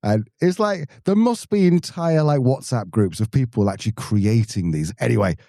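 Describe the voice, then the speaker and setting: Lively, teasing English man. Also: medium pitch, moderate pace, creaky, dry recording, studio quality. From England. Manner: jokey, teasing. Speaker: podcast host. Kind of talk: casual chat.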